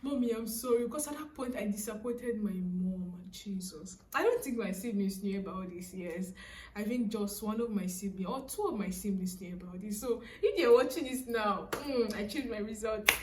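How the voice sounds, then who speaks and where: A woman's voice: medium pitch, moderate pace, recorded from a distance, a little hiss or hum. Chatty young Nigerian woman, echoey room. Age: young adult. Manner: chatty, animated, laughing, frequent "so, like". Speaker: vlogger. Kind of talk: casual storytime.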